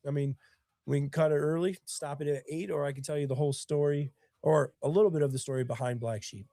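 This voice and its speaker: A man's voice: a little high, steady tone, fast talker, mellow, dry recording, studio quality. A man with bronchitis, sniffling as he hosts his own live stream in casual chat. He tells stories earnestly and emotionally, with a lot of rambling.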